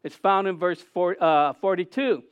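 A middle-aged man preaching a sermon as pastor, earnest with halting restarts, rising to loud cries. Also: high-pitched, smooth, no room sound.

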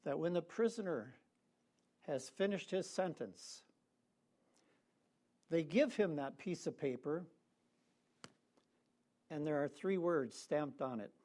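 A man preaching a sermon, leading the congregation in call-and-response with slow, emphatic phrasing. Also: on the high side, darkish tone.

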